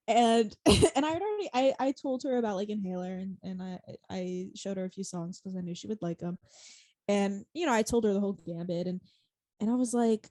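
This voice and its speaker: A woman's voice: mid-range voice, fairly quick, mellow, no room sound. A young woman co-hosting a podcast, telling a story in casual chat, rambling, laughing often and swearing freely. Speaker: podcast co-host.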